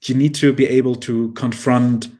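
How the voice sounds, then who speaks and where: A man's voice: medium pitch, little pitch movement, moderate pace, mellow. A man co-hosting a podcast, reflective and searching for his words with many fillers and restarts. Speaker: podcast co-host. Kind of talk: casual podcast discussion.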